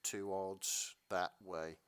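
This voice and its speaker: A man's voice: deep voice, level tone, very slow, a bit bright, smooth. A man co-hosting a podcast, chatting in a rambling, sarcastic way. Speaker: podcast co-host. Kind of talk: casual chat.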